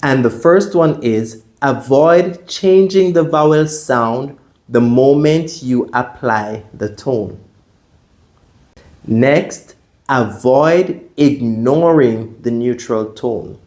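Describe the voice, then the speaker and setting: A man teaching a pronunciation lesson, drilling sounds slowly and deliberately for students to repeat after him. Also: medium pitch, a little mellow. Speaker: language teacher.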